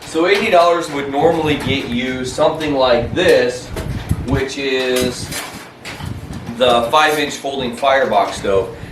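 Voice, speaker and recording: A man reviewing outdoor gear in casual chat, relaxed and laughing often, recorded outdoors at a campsite. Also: medium pitch, slow, echoey room, background noise.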